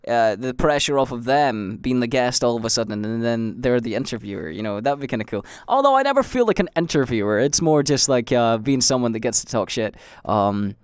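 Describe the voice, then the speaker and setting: A man's voice: medium pitch, lively intonation, brisk, few pauses, clean tone, no room sound, studio quality. Rambling Scottish man on a podcast. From Scotland. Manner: rambling, frequent fillers and restarts, swears freely. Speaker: podcast host and livestreamer. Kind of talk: casual solo podcast monologue.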